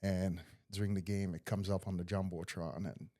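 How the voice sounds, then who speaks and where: A man's voice: low voice, moderate pace, no room sound, clean studio sound. Man telling stories. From Montreal, Canada. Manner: animated storyteller with loose, slightly non-native grammar. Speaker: podcast guest. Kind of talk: casual interview storytelling.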